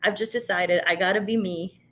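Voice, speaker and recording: A woman in her thirties hosting a live tasting stream, chatting casually with viewers in an animated, filler-heavy way. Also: mid-range voice, brisk. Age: 30s. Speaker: host of a tasting show.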